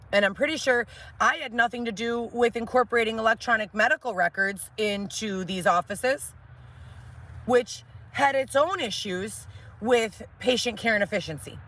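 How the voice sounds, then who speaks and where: A woman's voice: medium pitch, normal speed, a bit bright. A woman ranting animatedly and profanely about her old job on a live stream, mimicking others in a raised voice.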